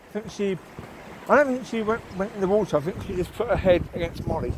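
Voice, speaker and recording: A man's voice: high-pitched, quick pace, slight background noise, rough recording. A man vlogging while he walks his dogs along a rural path, rambling chattily and talking to the dogs. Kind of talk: casual talk while walking outdoors. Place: outdoors by water on a rural path.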